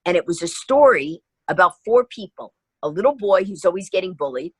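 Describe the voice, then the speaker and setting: A woman's voice: fairly low pitch, animated, brisk, slightly rough, dry recording. A middle-aged woman guest telling a story in a podcast interview, acting out both sides of the dialogue. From New York.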